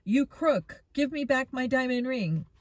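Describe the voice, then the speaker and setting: A woman's voice: high-pitched, lively intonation, measured pace, dry recording, voice pushed up. A woman voicing a surly, menacing Russian man in a storybook reading, with a thick Russian accent and broken speech. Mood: furious.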